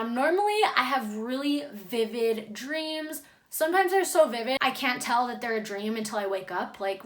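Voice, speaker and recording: A woman's voice: on the high side, fairly bright tone. A young adult woman vlogger telling a personal story in a casual, chatty way. She fills her speech with "like" as she talks. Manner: chatty, heavy use of "like" fillers.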